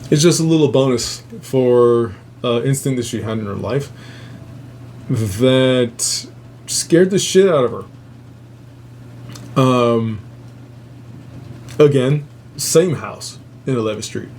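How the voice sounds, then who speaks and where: A man telling a spooky family story in a loose, rambling way, swearing often and chuckling at his own asides. His voice sits at an ordinary middle pitch, with a faint hum of background noise behind him. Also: takes it slowly, pauses often, darkish tone. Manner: profane, rambling, laughs at own jokes. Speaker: host. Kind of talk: casual storytelling.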